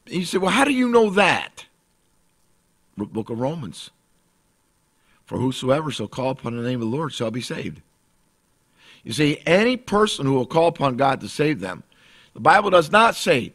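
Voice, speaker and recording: A man preaching a radio sermon as pastor, emphatic and repetitive, swinging between loud and soft. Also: fairly high pitch, dry recording.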